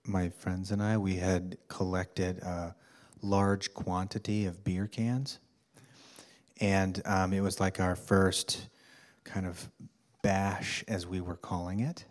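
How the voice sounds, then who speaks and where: A man telling a personal story to a workshop group, halting with fillers and restarts, with amused laughs. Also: sits low, flat delivery. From United States. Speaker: workshop participant.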